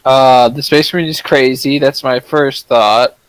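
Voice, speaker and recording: A man chatting casually as a player in a tabletop game, joking and excitable. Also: medium pitch, a little slow, no room sound. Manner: joking, excitable, laughs often.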